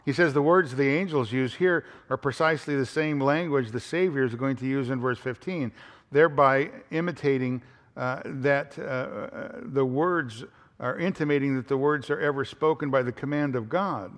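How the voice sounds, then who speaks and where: A man's voice: medium pitch, normal speed. Man preaching in a reverberant church. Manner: conversational, with frequent fillers and restarts. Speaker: pastor. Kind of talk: expository sermon. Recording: hall reverb.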